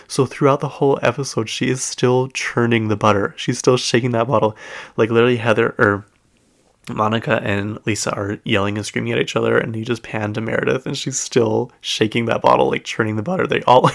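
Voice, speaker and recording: A man's voice: on the low side, gravelly, fairly bright tone. A man hosting a podcast, chatting casually and rambling with lots of fillers and self-corrections. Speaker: podcast host. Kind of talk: casual chat.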